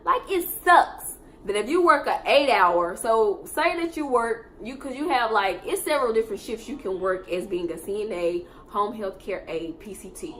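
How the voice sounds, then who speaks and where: A young woman, telling a work story in a casual storytime monologue and swinging between low mutters and loud, profane outbursts. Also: lively intonation, normal speed, slight background noise.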